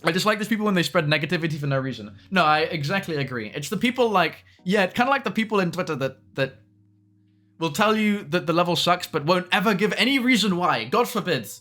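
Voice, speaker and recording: Bright-voiced young male streamer. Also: sits high, animated. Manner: chatty, quick asides to chat. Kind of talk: live stream commentary.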